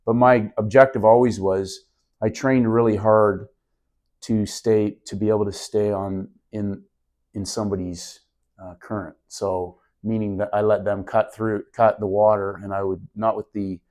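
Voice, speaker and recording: A man's voice: fairly low pitch, level tone, unhurried, a little mellow. A middle-aged man, a podcast guest, telling a story in an earnest, reflective way during a casual interview.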